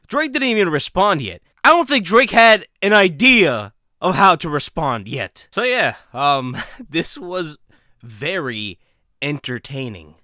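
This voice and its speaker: This male commentator speaks a bit higher than typical for a man, his lively voice rising and falling with a crisp, bright edge. He laughs frequently and swears casually, sounding close-miked and dry as if vlogging into his own microphone, with no room sound at all.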